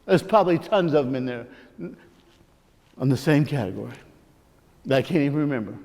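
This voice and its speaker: A man's voice: medium pitch, animated, brisk, a little mellow. A man, a priest, telling a personal story in a rambling, confiding sermon with many asides. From Missouri, United States. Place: large church hall. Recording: long hall reverb.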